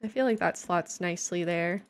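Playing a game on a home live stream, a young woman chats casually, cracks self-deprecating jokes and reads viewer messages aloud. Her voice is lowish and her pace moderate.

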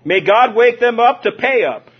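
A high-voiced man from Southern California preaches with lively energy, calling out to the congregation and chuckling as he goes. The recording sounds dull and lo-fi, with the top end rolled off. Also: moderate pace. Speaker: pastor. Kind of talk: sermon.

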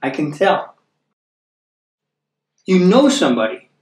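An American man teaches from the Bible in a relaxed, chatty way, checking in with tag questions like "okay?" and "right?" and slowing down to read scripture. His voice is a little high for a man. He sounds distant from the mic, in an echoey room.

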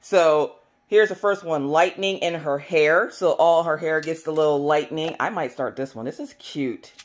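A woman hosting a casual unboxing video, chatty and enthusiastic, her voice squeaky today. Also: normal speed. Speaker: crafting video host.

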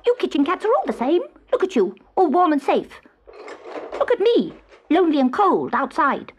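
A woman voicing a cheeky, mischievous male hobgoblin in a high, sing-song, wheedling voice, reading a storybook. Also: wildly swooping pitch, moderate pace, slight background noise. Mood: taunting. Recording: dull old cassette tape.

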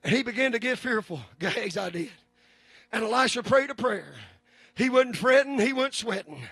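A man preaching a sermon, building to shouted, drawn-out peaks and then dropping low and quiet. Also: lively intonation, slightly rough, no echo. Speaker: pastor.

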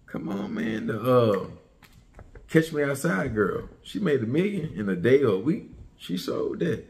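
Male commentary host, heated and mocking, delivers a repetitive profane rant. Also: mid-range voice.

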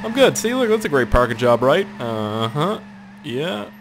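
Excitable young man narrating his gameplay. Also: normal speed, background noise. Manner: excitable, swearing, sudden high-pitched yelps. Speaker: gaming channel host. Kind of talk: let's play commentary.

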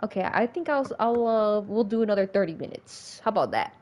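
Talking a little fast in a medium-pitched voice, a woman livestreams a game with casual commentary. She gets excitable, swears a lot, and keeps breaking into laughter and panicky outbursts.

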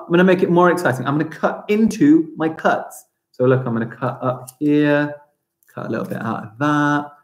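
A man teaching a live-streamed primary school craft lesson, chatting as he narrates each step aloud. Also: mid-range voice. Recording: roomy echo.

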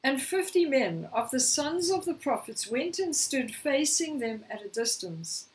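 High-voiced woman preaching, a little hoarse. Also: sing-song, unhurried, distant mic, rough recording. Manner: storytelling, acting out quoted lines. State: slightly hoarse, clearing throat. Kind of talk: sermon.

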